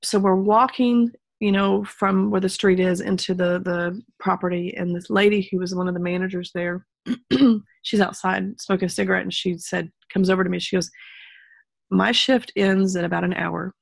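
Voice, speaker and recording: A woman's voice: mid-range voice, fairly even intonation, moderate pace, gravelly, no echo, clean studio sound. A woman from Texas telling a personal story in a casual interview, rambling with many ums and restarts and sincere talk of faith. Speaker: guest telling her story.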